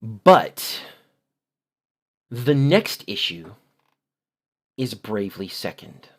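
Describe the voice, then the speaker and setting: A man's voice: fairly low pitch, sing-song, extremely slow, fairly bright tone. A man hosting a channel, giving critical video commentary in an exasperated, sarcastic way and explaining translations in detail. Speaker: channel host.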